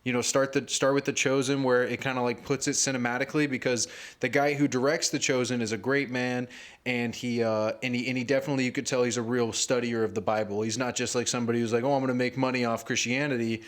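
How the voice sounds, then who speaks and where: A man who does stand-up comedy, chatting casually on a podcast, rambling with lots of fillers and jumping into animated quoted voices. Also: quick pace. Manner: rambling, filler-heavy, acts out quotes with rising pitch.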